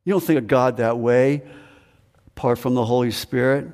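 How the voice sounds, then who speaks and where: A man's voice: mid-range voice, normal speed, a little mellow, big-room sound. A male pastor preaching a sermon in an earnest, repetitive way.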